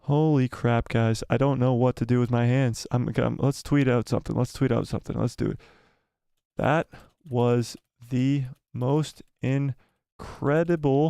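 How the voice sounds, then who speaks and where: A man hosting a live watch-party stream, chatting excitedly, exclaiming and repeating himself. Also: medium pitch, a little slow, gravelly, clean tone, no room sound, studio quality. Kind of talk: live watch-party chat, reading viewer comments.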